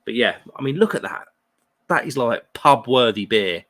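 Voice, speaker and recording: With lively intonation, a moderate pace and a fairly bright tone, a mid-range male voice carries this clip. He's a British beer stream host in his thirties who chats casually and reads out viewer comments in a jokey, friendly manner.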